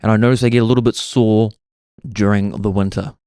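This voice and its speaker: A man's voice: lowish voice, fairly even intonation, brisk, warm tone, clean tone, no room sound, studio quality. A young man, hosting a podcast and musing through a laid-back, self-mocking comic monologue. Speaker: podcast host.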